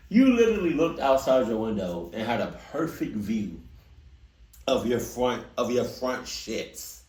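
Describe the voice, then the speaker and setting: A man reacting to a horror story, loud and animated, joking and swearing. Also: medium pitch, a little slow. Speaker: reaction video host. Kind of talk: casual reaction commentary. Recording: echoey room.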